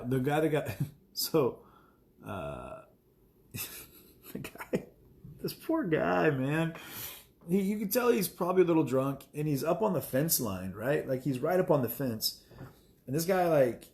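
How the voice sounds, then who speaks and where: A man's voice: medium pitch, big pitch swings, measured pace, darkish tone. A man chatting casually to viewers on a live stream, rambling with many fillers and chuckling asides.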